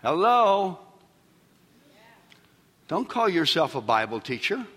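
A man preaching a sermon as pastor, swinging from shouted peaks down to low, quiet asides. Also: lively intonation, a little slow, big-room sound. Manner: preaching with loud shouted peaks and sudden drops.

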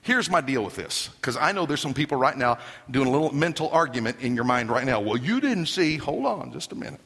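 A man preaching a sermon in an emphatic, animated way, with joking asides to the congregation. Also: medium pitch, fast talker, gravelly, breathy edge, in a large hall. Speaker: pastor.

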